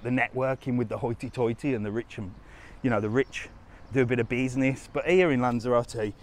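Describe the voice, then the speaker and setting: A chatty man walks through a resort town talking to his live-stream viewers on a phone mic. His voice sits at an ordinary middle pitch, and he rambles loosely between asides, laughing easily as he goes. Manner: drops to a hushed whisper indoors. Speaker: travel vlogger streaming live. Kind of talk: casual live-stream walking tour. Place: outdoors in a resort town, walking.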